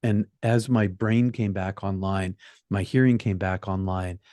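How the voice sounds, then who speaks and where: A man being interviewed, telling his near-death experience in an earnest, halting way that repeats phrases. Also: low voice, steady tone, a little mellow, no room sound, clean studio sound. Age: young adult telling of age 20, now older. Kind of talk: personal storytelling interview.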